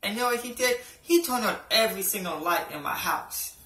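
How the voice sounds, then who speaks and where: Young male amateur comic, sharp-toned, swearing, loose and rambling delivery, picked up from a distant camera mic. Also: high voice, expressive, a little fast. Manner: rambling, peppered with "you know" and "right", swears a lot. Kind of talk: casual stand-up routine. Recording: echoey room, voice from off-mic.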